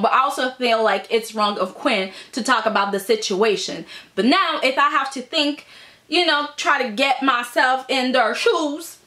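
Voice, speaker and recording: A woman reviewing a soap opera episode in a chatty, animated vlog style with frequent asides. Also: sits high, normal speed.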